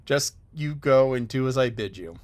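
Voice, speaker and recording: A man's voice: mid-range voice, animated, close to an everyday voice. A man playing a stern, curt spinster. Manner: curt, disapproving, brisk. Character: stern, unbending middle-aged spinster woman. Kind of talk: audiobook character voice.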